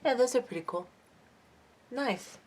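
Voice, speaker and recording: A woman's voice: on the high side, animated, measured pace, darkish tone, slight background noise. A woman vlogger chatting casually as she unboxes craft beads, reading each item aloud and admiring them. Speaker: jewelry-making vlogger. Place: home craft table under lamps.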